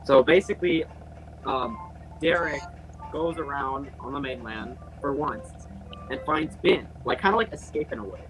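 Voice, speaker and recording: A man's voice: medium pitch, moderate pace, a bit bright, faint music behind, low-quality recording. A young man chatting casually on a group call, rambling with lots of fillers and restarts. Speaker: channel host.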